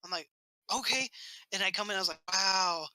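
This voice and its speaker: A man's voice: high voice, fairly even intonation, fast talker, bright, forceful tone, clear, resonant tone, no room sound, rough recording. A man on a casual podcast telling a rambling childhood story, swearing often and acting out what people said. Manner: rambling, swears a lot, acts out quotes. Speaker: podcast co-host.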